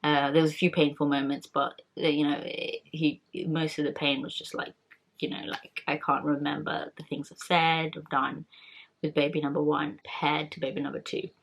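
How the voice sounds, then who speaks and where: A woman's voice: deep voice, flat delivery, normal speed, vocal fry. A young woman vlogger in casual chat, talking candidly and rambling with many fillers and restarts.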